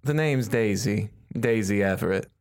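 A man voicing a flirtatious, self-assured woman escort who teases with drawn-out endearments. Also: fairly low pitch, darkish tone, a little hiss or hum, natural voice. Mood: coy. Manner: coy, teasing, drawn-out endearments.

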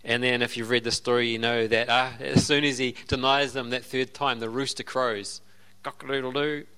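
A man's voice: mid-range voice, little pitch movement, moderate pace, bright, forceful tone, clear, resonant tone. A man with an Australian accent preaching a sermon as a pastor, telling the story conversationally with asides and laughs.

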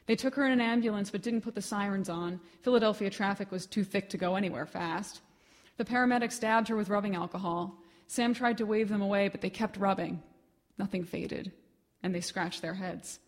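A woman reads her own fiction aloud at a live literary event. She tells it in a measured, expressive way, at a middle pitch for a woman. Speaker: writer reading her fiction. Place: reading event.

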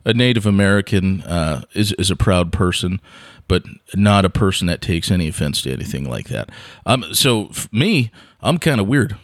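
A man's voice: low-pitched, lively intonation, moderate pace, no echo, clean studio sound. A man from Montana, a podcast guest, telling casual stories and laughing often along the way. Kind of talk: casual storytelling.

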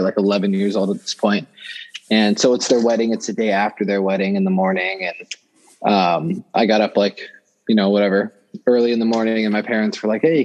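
A young man tells a story in a slightly low voice. He rambles, piles on fillers and keeps restarting sentences as he goes. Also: poor audio. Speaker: guest storyteller. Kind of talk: casual storytelling.

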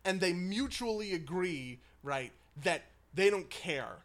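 A man with a fairly high voice talks in loose, animated conversation, building his argument point by point. He swears freely and laughs between points. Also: takes it slowly. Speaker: podcast co-host. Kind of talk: casual chat.

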